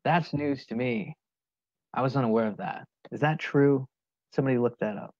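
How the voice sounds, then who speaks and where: A man speaking as a guest in a casual online call, in a lively, animated way. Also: mid-range voice, normal speed, no room sound. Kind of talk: casual livestream chat. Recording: dull lo-fi call audio.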